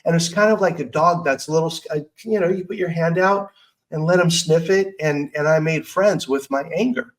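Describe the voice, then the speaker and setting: Middle-aged man, podcast host, somewhat high voice, earnest, candid, conversational motivational talk. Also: a little fast, poor audio.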